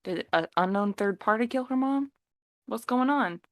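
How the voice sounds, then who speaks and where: A woman on a podcast, retelling a story in a lively, casual way and acting out the characters' lines. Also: on the high side, normal speed, no room sound. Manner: animated storytelling, acting out quotes. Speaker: podcast co-host.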